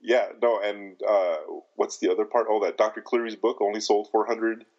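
A man co-hosting a film podcast in casual chat, laughing often and retelling scenes with lively impressions. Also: on the low side, moderate pace, dull audio. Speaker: podcast co-host.

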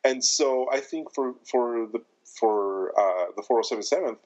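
A man in his fifties co-hosting a podcast, talking in a thoughtful, halting way with many restarts. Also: mid-range voice, darkish tone, lo-fi sound. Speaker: podcast co-host. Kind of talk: casual chat.

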